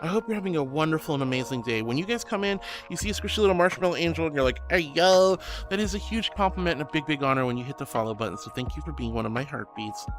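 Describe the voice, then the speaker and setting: A man's voice: on the high side, rapid-fire, hardly any pauses, music in the background. A man streaming live in a casual, gushing and affectionate way, reading chat aloud and greeting viewers with giggles.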